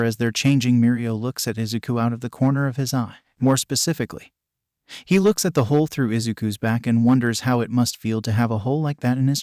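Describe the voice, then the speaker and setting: A man narrating a fan fiction story in an even, steady reading. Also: medium pitch, no room sound, clean studio sound.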